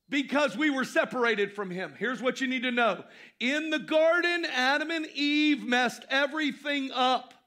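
A man preaching a sermon to his congregation, repeating key phrases and swinging between loud emphasis and quieter asides. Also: extremely high pitch, moderate pace. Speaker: pastor.

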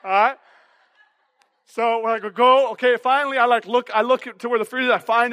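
High, bright-voiced pastor preaching. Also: male voice, a little fast, smooth, in a large hall. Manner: energetic, keeps tagging lines with "okay?" and "all right?". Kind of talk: sermon. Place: church auditorium.

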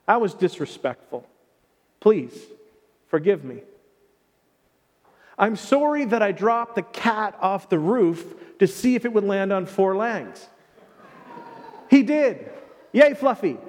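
A male pastor preaching a sermon in a conversational, emphatic way, with playful asides. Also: high-pitched. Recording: long hall reverb.

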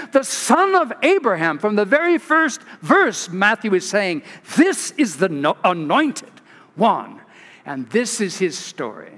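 A man from California, a pastor giving an expressive storytelling sermon with restarts and asides. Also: very high voice. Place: large church. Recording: long church reverb.

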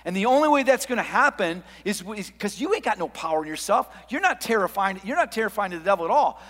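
A man preaching a sermon as pastor, swinging from hushed asides to loud, emphatic lines. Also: sits high, big-room sound.

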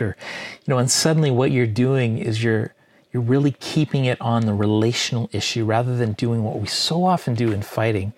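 A man's voice: medium pitch, fairly quick, a little mellow, dry recording, low-quality recording. Man preaching with rhetorical questions. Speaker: pastor. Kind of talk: sermon.

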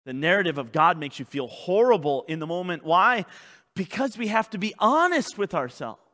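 A man preaching a sermon as pastor, swinging between loud urgent calls and hushed intense passages. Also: high-pitched, lively intonation, normal speed, long reverb tail.

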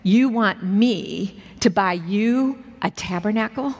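A woman preacher voicing a gruff, curt middle-aged male businessman in her sermon story. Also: medium pitch, slow, darkish tone. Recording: echoey hall with long reverb.

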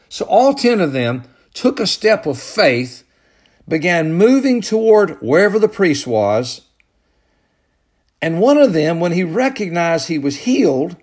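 Male pastor, higher-pitched, slow and deliberate, surging to loud peaks then dropping soft. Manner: builds to loud emphatic peaks, then drops low and soft. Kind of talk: sermon.

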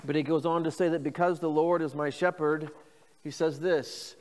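A man preaching a sermon as pastor, reading scripture phrases slowly and inviting the congregation to repeat them. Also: a little high, fairly even intonation, big-room sound. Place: church.

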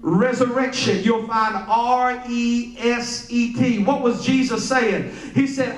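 A man preaching a sermon as pastor, swelling into chanted, sing-song peaks and dropping low and soft when quoting scripture. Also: fairly even intonation, a little slow, few pauses, recorded from a distance. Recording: roomy church hall with music behind.

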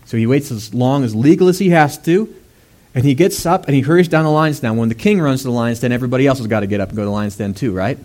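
A man's voice: mid-range voice, fast talker, darkish tone. A man preaching a sermon in a conversational way, with fillers and asides, often rising to a raised, emphatic voice.

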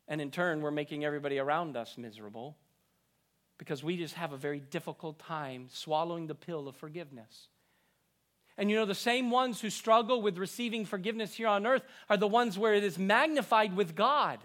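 A man preaching a sermon as pastor, earnest and deliberate, his voice rising to emphatic peaks and falling to hushed lines. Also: sits high.

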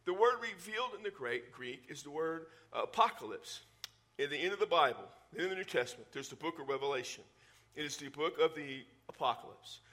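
A man's voice: fairly high pitch, animated, fairly quick, bright, forceful tone. A middle-aged man, preaching a teaching sermon and explaining scripture in a conversational way. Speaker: pastor.

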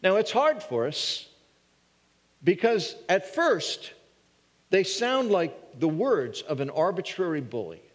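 A man's voice: high-pitched, big pitch swings, takes it slowly. A man preaching a sermon in an earnest way, thinking through hard questions aloud and sometimes restarting a phrase. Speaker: pastor. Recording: long hall reverb.

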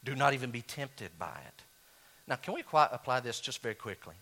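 Animated, bright-voiced male pastor preaching. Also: a little fast. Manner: animated, rising to high exclaims, then dropping low and quiet. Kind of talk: sermon.

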